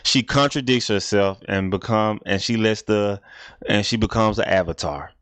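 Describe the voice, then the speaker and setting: A man's voice: lowish voice, normal speed, a bit bright, dry recording. Laid-back rambling man reacting. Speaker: reaction video host. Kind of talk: casual reaction commentary.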